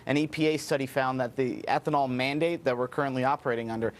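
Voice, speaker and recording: A man's voice: mid-range voice, fairly even intonation, fast. A man appearing as a guest commentator, laying out a political argument in an explanatory tone.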